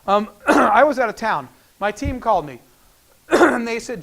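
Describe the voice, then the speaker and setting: A middle-aged man with a high-pitched voice is giving a keynote speech. He tells a personal story and acts out the quoted lines as he goes, and it clearly moves him. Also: measured pace. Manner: animated storyteller acting out quoted dialogue. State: emotional. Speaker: keynote speaker.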